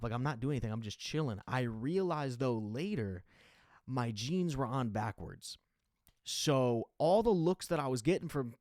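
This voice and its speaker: A young man spins a rambling personal story in loose, slang-heavy speech full of swearing. When he quotes his own panicked thoughts, he drops low and hushed. The voice sounds close and dry, with no room around it. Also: no room sound. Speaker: podcast host. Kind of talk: casual storytelling monologue.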